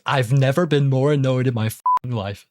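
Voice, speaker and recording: A man's voice: medium pitch, normal speed, slight background noise. A young man ranting casually to camera, exasperated and swearing freely, repeating himself as he gets worked up. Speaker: YouTuber. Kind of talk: ranting commentary.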